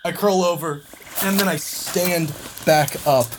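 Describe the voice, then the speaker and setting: A man's voice: fairly high pitch, measured pace, noisy background. A man playing a tabletop game, talking heatedly and swearing a lot. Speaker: player. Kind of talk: tabletop role-play.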